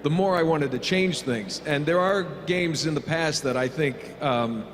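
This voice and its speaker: On a convention panel, a middle-aged male voice actor answers fan questions, joking and rambling with lots of fillers. His voice is a little high and a little slow, and the hall is reverberant with a faint hum.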